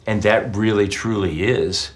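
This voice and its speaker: Deep-voiced middle-aged guy, reflective, chatting through stories in an interview. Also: fairly even intonation, measured pace. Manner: reflective, tells personal anecdotes. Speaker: interview guest. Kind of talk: conversational interview answers.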